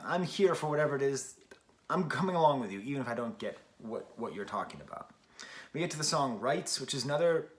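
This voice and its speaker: A man in his forties giving a casual, rambling album review, often restarting his sentences and poking fun at himself. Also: medium pitch. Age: 40s. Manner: rambling, self-deprecating, frequent restarts.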